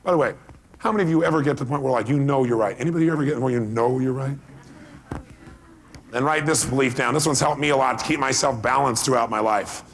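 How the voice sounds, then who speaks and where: A man giving a motivational seminar talk, animated, acting out quoted dialogue and asking the audience questions. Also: medium pitch, quick pace, a little hiss or hum. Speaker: motivational speaker.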